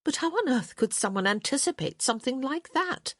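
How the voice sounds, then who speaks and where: A witty young lady with a wry, amused way of talking, voiced by a woman in an audiobook. Her lively pitch leaps about over a slightly breathy tone. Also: a little fast, no room sound, studio quality, heavily acted.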